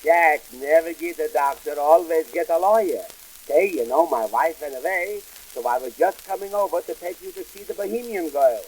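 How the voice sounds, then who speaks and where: A man performs a wisecracking comic businessman straight out of a 1920s vaudeville record. The voice sits high and husky, and every line lands as a dry punchline delivered in quick patter. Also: poor audio. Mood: bickering. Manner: punchline-driven deadpan patter.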